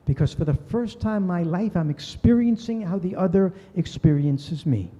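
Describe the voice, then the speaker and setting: An older man recounts a story at a talk, lending voices to those he quotes. His voice is fairly high yet deeply mellow. The recording is muffled, with long reverb from a large hall. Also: expressive, normal speed. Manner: earnest, voices quoted people. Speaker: speaker giving a talk. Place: synagogue hall.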